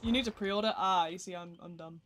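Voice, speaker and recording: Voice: mid-range voice, fairly quick, a bit bright. A game streamer, giving rambling, self-deprecating live commentary while playing and talking to the chat. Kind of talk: casual live gameplay commentary.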